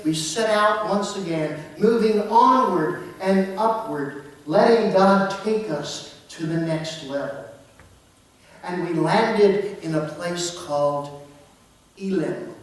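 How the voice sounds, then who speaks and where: A man preaching a first-person dramatic sermon in the voice of Moses, slow and storytelling, with hushed drops. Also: sits high. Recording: roomy echo from far off.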